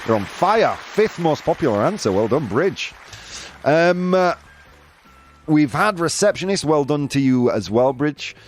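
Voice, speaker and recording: A man with a lively, bouncing voice hosts a quiz game with his viewers. He reads out their answers, teases and laughs as he goes. Faint music plays quietly under him. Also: a little high, measured pace, some chatter behind. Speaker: host. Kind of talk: live-stream game show with chat.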